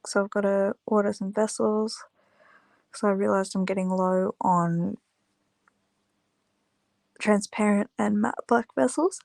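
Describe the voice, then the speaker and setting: A woman's voice: medium pitch, fairly even intonation, vocal fry, darkish tone, no echo. A tired woman vlogging casually about her candle business, rambling with lots of fillers. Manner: rambling, many fillers, unhurried. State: tired, yawning. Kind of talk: casual chat to camera.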